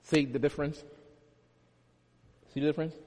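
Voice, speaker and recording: High-voiced pastor preaching in an echoing hall. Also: male voice, steady tone, moderate pace, a little mellow. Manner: teaching, with emphatic repetition and homely examples. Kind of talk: sermon. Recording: long hall reverb.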